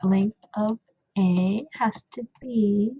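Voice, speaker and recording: A woman's voice: mid-range voice, fairly even intonation, drawn-out words, slightly rough, no echo, muffled recording. A young woman at home casually talking through a coding problem, rambling with lots of fillers and self-deprecating asides. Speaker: coding tutor.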